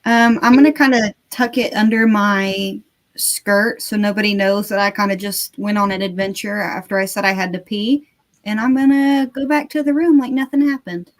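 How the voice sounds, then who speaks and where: A woman's voice: mid-range voice, steady tone, normal speed. A woman player in a tabletop game describing her character's moves in a playful, hesitant way.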